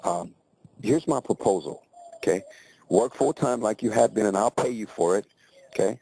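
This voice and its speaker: A blunt, businesslike boss, voiced by a man telling a story lays out terms plainly. The voice is low and mellow. It is everyday storytelling in his own register. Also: normal speed, vocal fry, breathy edge, no echo, rough recording.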